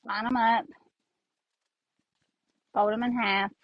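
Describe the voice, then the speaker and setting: A chatty woman with a Southern twang talks her way through a craft project, rambling as she works with her hands. Her voice sits a little high and sounds slightly congested. It's picked up close on an earbud mic, with a dry, dead sound. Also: little pitch movement, takes it slowly, no echo, muffled recording. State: congested from sinuses. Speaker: craft host. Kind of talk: casual craft tutorial chat.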